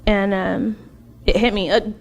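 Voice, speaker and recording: A woman guest giving an emotional personal faith testimony, telling her story in an animated way and laughing often. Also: mid-range voice, a little slow, creaky.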